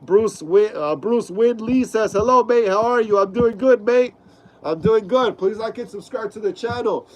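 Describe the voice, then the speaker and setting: A man's voice: high voice, a little slow, dark tone, slight background noise, rough recording. A young man hosting a casual live stream, reading out viewer comments in laid-back slang with lots of fillers.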